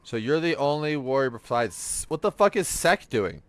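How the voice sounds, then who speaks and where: A man hosting a gaming podcast, telling stories in casual, profane, animated chat while he plays. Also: medium pitch, moderate pace, no echo. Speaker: streamer and podcast host.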